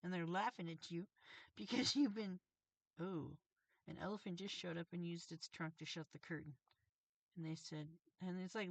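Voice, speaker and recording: A woman's voice: fairly low pitch, gravelly, fairly bright tone, no echo. A woman reading tarot on a livestream, channeling messages in an agitated, profane, confrontational rant. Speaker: tarot reader and streamer.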